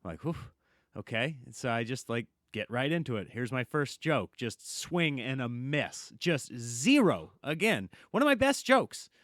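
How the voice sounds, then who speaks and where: A man, a comedian guest on a podcast, telling a long story in a lively, casual way and acting out the quotes. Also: medium pitch, unhurried, no echo, studio quality. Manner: animated storyteller, acts out quotes, laughs often.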